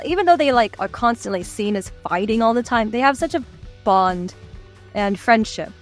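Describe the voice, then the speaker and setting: A woman talking as a voice actor guest on a podcast, enthusiastic and quick to laugh. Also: mid-range voice. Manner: enthusiastic, laughs often, trails off. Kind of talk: casual podcast chat.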